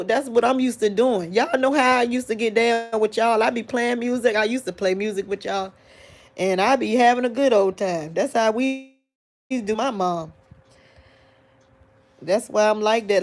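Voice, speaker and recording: Woman, grieving, tearful, sighing, halting restarts, talks to viewers as y'all. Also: medium pitch. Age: adult. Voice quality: emotional, sighing, voice breaking into crying. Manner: rambling, halting restarts, addresses audience as y'all. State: grieving, crying. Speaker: vlogger talking to online viewers. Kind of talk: tearful live-stream monologue.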